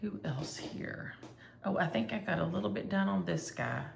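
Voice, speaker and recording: A woman's voice: medium pitch, expressive, fast, gravelly, roomy sound, background noise. A woman chatting casually and rambling as she shows her cross-stitch projects to viewers. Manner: chatty, rambling, thinks aloud. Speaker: flosstube host.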